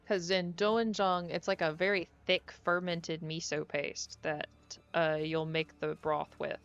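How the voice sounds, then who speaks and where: A young woman chats through a live stream, excitable and thinking out loud. Her voice sits fairly low. The audio is dull and lo-fi, with quiet music underneath. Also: unhurried, clean tone. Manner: chatty, easily excited, musing aloud. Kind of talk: casual stream chat while playing.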